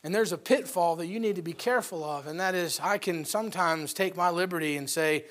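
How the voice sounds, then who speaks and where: High-voiced emphatic man preaching a sermon. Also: fast, few pauses. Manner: emphatic, rising to loud peaks; folksy with storytelling asides.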